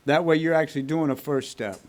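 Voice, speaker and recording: A man from Texas telling his recovery story to a meeting in a blunt, profane, fast-moving way. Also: fairly high pitch. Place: recovery group meeting room.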